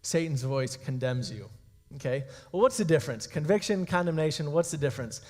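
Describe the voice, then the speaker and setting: A youth pastor's voice, on the high side and fairly quick with lively intonation, echoes through a hall's long reverb. The young man preaches to the youth conversationally, often pausing to check in with "okay?" and calling them "guys."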